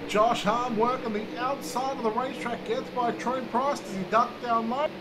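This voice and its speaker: A man calling a live speedway race as play-by-play commentator, getting excited with the action. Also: very high voice, moderate pace, crowd noise, poor audio.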